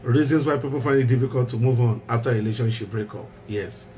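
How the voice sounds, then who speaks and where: A man's voice: medium pitch, fast talker, mellow, a little hiss or hum. Emphatic male mental health show host. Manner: emphatic, repeats key phrases, rhetorical questions.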